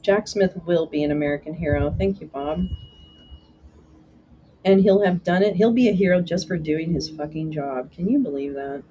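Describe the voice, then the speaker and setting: Woman live-stream host reading and answering viewer comments, chatty and rambling, low mellow voice, faint background hiss. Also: moderate pace, lo-fi sound. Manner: chatty and meandering, with frequent restarts.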